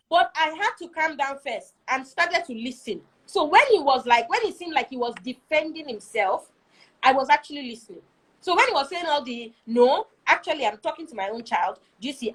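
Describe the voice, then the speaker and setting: A woman's voice: sits high, expressive, brisk, fairly bright tone, poor audio. A young woman, speaking earnestly about marriage as a guest and often checking in with her listeners. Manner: earnest, keeps asking "do you see?". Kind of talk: conversational teaching talk.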